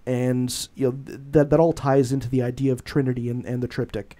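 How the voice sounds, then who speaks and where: Halting mellow-voiced podcast host. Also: male voice, mid-range voice, level tone. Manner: halting, many fillers and restarts. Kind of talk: casual podcast conversation.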